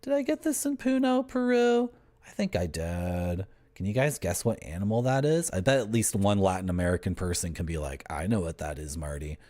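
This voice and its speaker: A man's voice: on the low side, huge pitch swings, moderate pace, warm tone. A young man, live-streaming and bantering with his chat in a joking, teasing, rambling way. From Canada.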